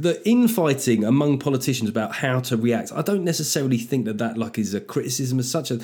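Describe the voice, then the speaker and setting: A man's voice: medium pitch, sing-song, fast, hardly any pauses, a little mellow. Sardonic man riffing. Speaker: comedian podcast host. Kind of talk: comic monologue.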